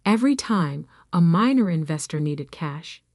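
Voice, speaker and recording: Brief: woman narrator, calm measured scripted storytelling, low voice, dry close sound. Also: no room sound.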